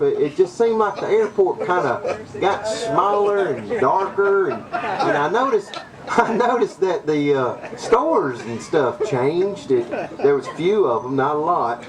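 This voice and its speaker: A man's voice: high voice, expressive, unhurried, crowd noise. A man presenting at a workshop, telling a story to a live audience in a folksy way and laughing often. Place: workshop room. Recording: distant mic with audible noise.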